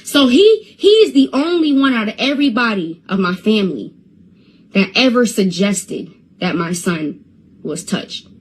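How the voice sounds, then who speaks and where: An Instagram live streamer tells her viewers a story from her phone, her fairly high voice lively in intonation and a little slow. She stumbles over and repeats words, stuttering when upset, and there's a little hiss or hum in the audio.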